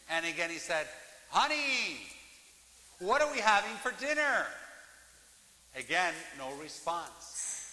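A priest preaching in a large church, his high, bright voice ringing out. He tells jokes with measured pauses, and a long reverb trails every phrase. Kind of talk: sermon.

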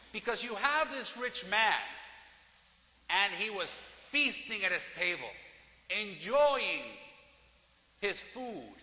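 A man preaching a sermon as the priest of a church, telling jokes with measured pauses. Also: sits high, bright, forceful tone. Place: large church. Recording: echoey church, long reverb.

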